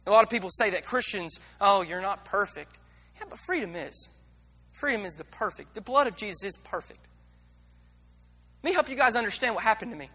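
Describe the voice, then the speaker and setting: A man's voice: sits high, expressive, fast, pauses often, bright, forceful tone, slightly rough, long reverb tail. A man preaching a sermon in a blunt, candid and emotional way, with many restarts and repeated words.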